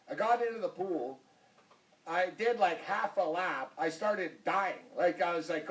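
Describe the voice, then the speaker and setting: A man's voice: fairly high pitch, normal speed, recorded from a distance, low-quality recording. A man hosting a sports talk show, joking and teasing his guest, often repeating himself. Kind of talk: casual sports chat.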